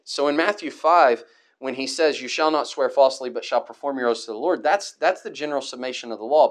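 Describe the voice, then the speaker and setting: Male Bible class teacher, mid-range voice; reads scripture, explains plainly, some restarts. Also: mid-range voice. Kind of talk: Bible study lesson.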